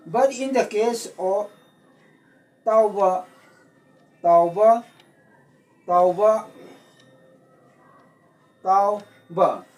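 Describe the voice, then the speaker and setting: A man teaching a language lesson, slowly repeating words and explaining their tones. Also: high voice, darkish tone, distant mic, poor audio. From Manipur, India.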